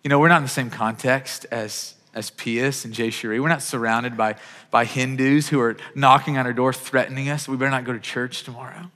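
A man's voice: mid-range voice, steady tone, normal speed, pushed and bright, in a large hall. A man preaching a sermon as pastor, earnest and urgent, often repeating words as he starts a phrase.

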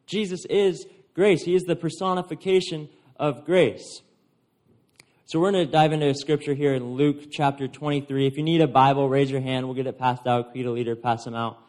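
A man's voice: mid-range voice, fairly even intonation, moderate pace, a little mellow. A man preaching a sermon to a congregation, reading scripture and retelling it in conversational everyday words.

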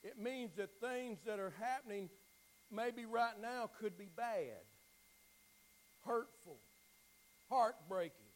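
A man preaching with a very high-pitched voice, his delivery impassioned and uneven. He climbs to near-shouted pleading, then sinks to hushed, quiet lines. He often repeats words and restarts phrases as he builds. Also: takes it slowly, long pauses, low-quality recording. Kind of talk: sermon.

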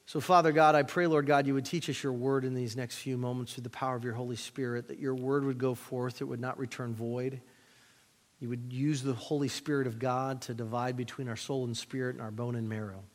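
This pastor, heard in a reverberant church sanctuary, has a mid-range voice and a steady, brisk delivery. He preaches by reading scripture, drops in plain-spoken jokes, and leads the congregation in prayer.

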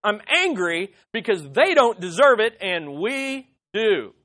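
An indignant, entitled crowd, as a preacher puts it on mid-sermon, voiced higher and louder than the speaker's usual talk. It complains with aggrieved insistence, claiming what it feels is rightfully its own. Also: very animated, measured pace, exaggerated voice.

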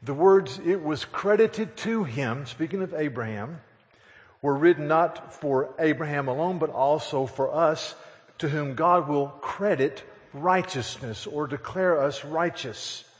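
A man's voice: a little high, a little slow. A man preaching a sermon, reading scripture aloud and retelling it as a vivid story. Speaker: pastor. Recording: long hall reverb.

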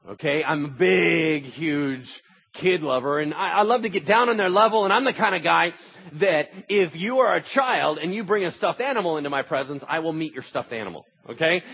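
A man preaching a sermon in church, telling stories in an animated way that swings from loud bursts to hushed asides, with what he calls a huge voice. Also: a little high, breathy edge, highs cut off. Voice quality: self-described huge voice. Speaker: pastor.

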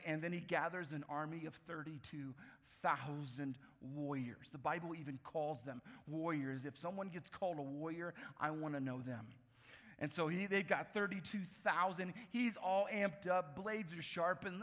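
A man preaching a sermon, telling a Bible story with lively, acted-out voices and frequent laughs. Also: high-pitched, normal speed. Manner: animated storytelling, acts out voices, laughs often. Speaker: pastor. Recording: echoey hall recording.

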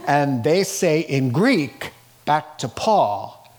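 A pastor preaching a sermon, telling stories with acted-out voices and joking with laughs between lines. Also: male voice, fairly high pitch, extremely slow. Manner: animated, acts out voices in his stories. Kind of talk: sermon with storytelling.

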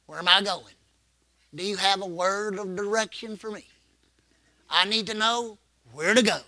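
A man's voice: high voice, moderate pace, sharp tone, no room sound. A man preaching a sermon as pastor, repeating phrases and calling the congregation to respond. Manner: preaching with call-and-response and repetition.

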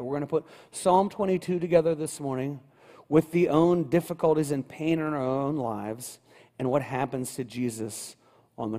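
A male pastor preaching a sermon in a church, building rhythm through repeated phrases and swinging between quiet and loud. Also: a little high. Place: church sanctuary. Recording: long hall reverb.

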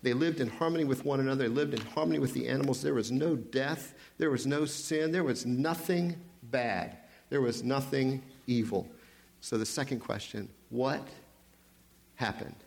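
Guy preaching a sermon, mid-pitched voice, keeps asking questions and pausing for weight. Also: creaky, darkish tone. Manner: preaching with repeated rhetorical questions and emphatic pauses. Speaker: pastor.

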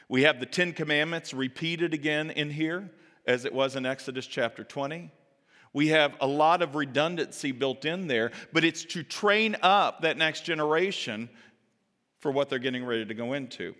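Male pastor, sermon, lively storyteller, bright and forceful, echoing sanctuary. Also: mid-range voice. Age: adult parent. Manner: animated storytelling that acts out quoted voices; casual, chatty asides to the audience. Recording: reverberant hall.

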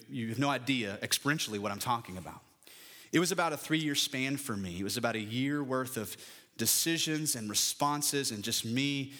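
A middle-aged male pastor delivering a sermon, his voice bright and forceful. He climbs in pitch through emphatic lists, then settles into a plain, conversational storytelling tone. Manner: animated preaching, rising emphatic lists, personal storytelling.

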